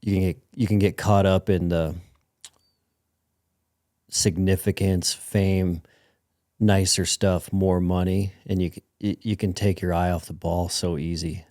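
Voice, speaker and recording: A male podcast host speaking in a measured, reflective way during a casual interview. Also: low-pitched, level tone, darkish tone, dry recording, clean studio sound.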